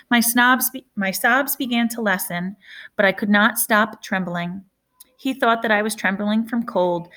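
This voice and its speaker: Woman reading a novel in a hushed voice. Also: mid-range voice. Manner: hushed, measured, dramatic pauses. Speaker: reader.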